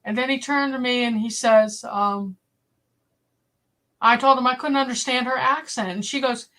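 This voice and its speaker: A woman's voice: fairly high pitch, normal speed. Blunt woman from Boston, telling stories. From Boston area. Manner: blunt, animated storyteller, acts out quoted voices. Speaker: livestream host. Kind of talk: casual storytelling to a live chat.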